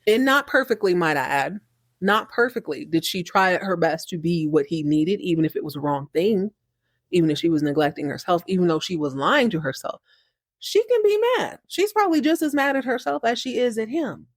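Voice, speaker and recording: A woman's voice: on the low side, no echo, clean studio sound. A woman podcast host giving an outspoken, emphatic recap of a TV episode, often restarting with repeated words.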